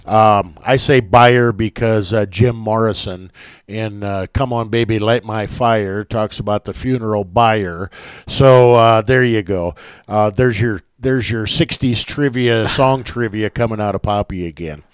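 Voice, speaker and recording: A man's voice: fairly low pitch, measured pace, clear, resonant tone, no echo. A man hosting a Bible study talk, affirming his guest and chatting about the text.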